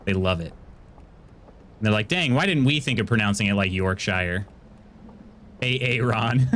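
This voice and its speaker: A man with an American accent streaming a video game, chatting casually with his viewers and jumping into high, excited bursts. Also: a little hiss or hum.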